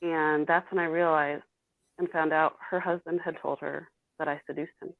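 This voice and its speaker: A woman's voice: sits low, little pitch movement, moderate pace, creaky, no room sound. A woman in her thirties, a guest telling her own painful story candidly and bluntly. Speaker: interview guest. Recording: tinny phone-like call audio.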